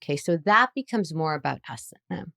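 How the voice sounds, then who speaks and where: A woman, a psychologist guest on a podcast interview, explaining parenting in an animated way. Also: low voice, a little fast, creaky, dry recording, clean studio sound. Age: adult parent. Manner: animated explainer who acts out playful lines.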